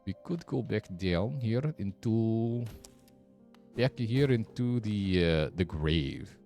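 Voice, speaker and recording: A man with a deep voice talks through a game in a casual, wry way, muttering sarcastic asides. His pitch swings about as he reacts. Faint game music plays behind him. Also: animated, slow pace, mellow. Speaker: streamer. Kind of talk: casual gameplay commentary.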